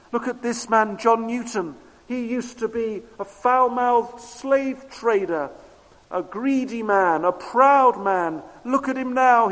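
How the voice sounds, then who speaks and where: A man preaching a sermon with emphatic repetition, moving between loud declarations and hushed low tones. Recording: long hall reverb.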